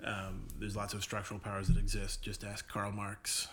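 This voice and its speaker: A man co-hosting a podcast in casual conversation, animated, laughing often and restarting sentences. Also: fairly low pitch, moderate pace. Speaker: podcast co-host. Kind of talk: casual chat.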